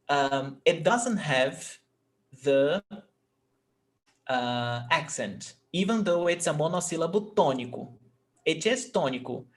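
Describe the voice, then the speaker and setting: A man with a Brazilian Portuguese accent teaching a live online lesson, repeating example sentences and checking that students follow. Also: on the high side. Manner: patient, repeats examples slowly, checks understanding.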